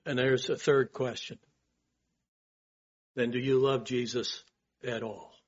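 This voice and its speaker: A man's voice: medium pitch, flat delivery, slow pace, dull audio. A male pastor preaching a sermon in an earnest way, asking rhetorical questions and swelling on his key points.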